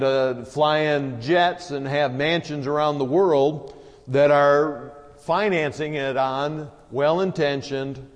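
A man preaching a sermon in a relaxed, folksy manner, dotted with small fillers. His voice sits somewhat high for a man. A long reverb of a large hall follows every phrase.

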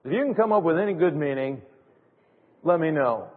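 A man's voice: a little high, expressive, a little fast. A man preaching a sermon in an emphatic way, with sarcastic mock quotes. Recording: tinny phone-like audio in a reverberant hall.

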